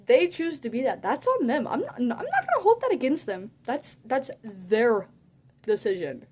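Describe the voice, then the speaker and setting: A teenage girl rants through a casual storytime, her voice sitting a little high. She talks with sass and animation, filling her sentences with "like" as she reacts to everything. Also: normal speed, slightly rough. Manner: sassy, animated, heavy use of "like". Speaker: vlogger.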